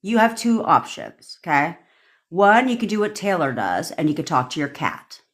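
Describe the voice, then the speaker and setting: A woman's voice: lowish voice, big pitch swings, moderate pace. A young woman coaching on a livestream, talking bluntly with lots of swearing and frequent laughter. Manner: blunt, profane, laughing often. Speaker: manifestation coach. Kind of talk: livestream rant.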